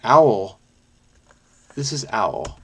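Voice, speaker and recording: A man's voice: mid-range voice, sing-song, drawn-out words, a bit bright, husky. A man hosting a crossword video, thinking aloud in a rambling, self-questioning way as he solves. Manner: rambling, self-questioning, frequent "I don't know". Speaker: crossword solving video host. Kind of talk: casual think-aloud puzzle solving.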